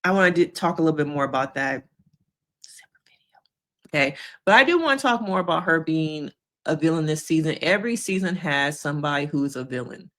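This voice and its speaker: A woman talks to her viewers in a relaxed, conversational reaction style. Her voice sits a little low but swings widely in pitch. She keeps acting out other people's quotes in high, squeaky voices. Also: fairly quick. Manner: conversational, addresses viewers directly. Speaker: therapist reacting to a reality show. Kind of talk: casual reaction commentary.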